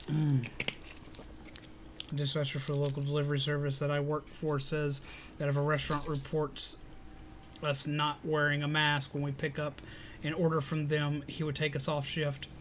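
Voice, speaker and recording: A man's voice: a little high, completely flat delivery, normal speed, fairly bright tone, a little hiss or hum. A man in casual live-stream chat, answering viewer comments while recovering from illness. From Alabama, US.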